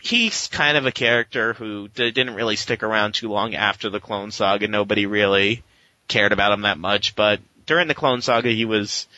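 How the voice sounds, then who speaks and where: A man talking through a comic book issue in a loose, rambling podcast chat, now and then popping into a quick voice for a character. His voice is very bright and forceful. The recording is dry and a little dull. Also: lowish voice, dry recording. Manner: rambling recap, with animated quoted voices. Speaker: podcast co-host.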